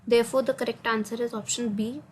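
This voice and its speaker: A woman with an Indian English accent walks through assignment answers, hesitant and filling pauses with "uh". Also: a little high, steady tone, slight background noise, rough recording. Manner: hesitant, many uh fillers, non-native grammar. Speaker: student explaining assignment answers. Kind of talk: screen-recorded answer walkthrough.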